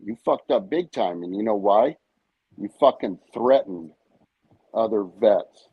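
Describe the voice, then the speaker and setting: A man's voice: on the low side, expressive, a little slow, slightly rough, dry recording, highs cut off. A man co-hosting a live stream, ranting in a brash, profane, confrontational way. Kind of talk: heated live-stream rant.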